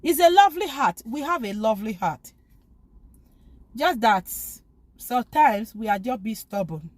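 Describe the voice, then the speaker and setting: A woman's voice: a little high, sing-song, normal speed, a little mellow. A woman giving an informal spoken talk urging forgiveness, pleading and emphatic, often repeating phrases. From lives abroad, from back home elsewhere. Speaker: faith vlogger.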